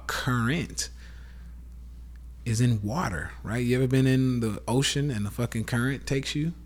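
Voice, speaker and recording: A man with a Southern accent hosting a casual rant podcast, blunt and profane, lecturing his listeners as y'all. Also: mid-range voice. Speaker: podcast host.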